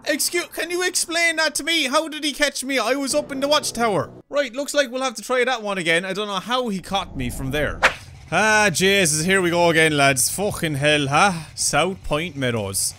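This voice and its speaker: Excitable high-voiced Irish lad gaming. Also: male voice, normal speed, hardly any pauses, a little hiss or hum, rough recording. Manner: excitable, swearing, yelps and screams when startled. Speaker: gaming YouTuber. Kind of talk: horror game commentary.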